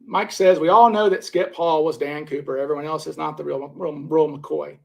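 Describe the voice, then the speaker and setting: A man hosts a live stream, casually reading viewer comments and rambling as he scores suspects, repeating himself and restarting. His voice is on the high side and creaky, steady in tone at a normal speed.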